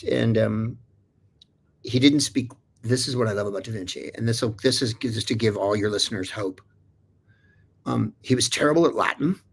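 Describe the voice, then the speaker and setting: Guest storyteller: man, gravelly and husky, rambling casual chat. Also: fairly low pitch, moderate pace. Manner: rambling, digressive, many restarts and fillers.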